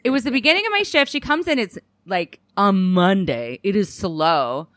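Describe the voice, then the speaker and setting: A woman's voice: mid-range voice, sing-song, moderate pace, fairly bright tone, no room sound, studio quality. A woman comedian, a podcast guest, telling blunt, profane stories and laughing often in casual chat.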